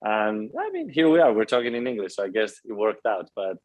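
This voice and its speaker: A man's voice: on the low side, sing-song, fairly quick, highs cut off. A man in his twenties from Spain with a Spanish accent, speaking as a guest in a casual interview, upbeat and eager, often saying "you know". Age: 20s.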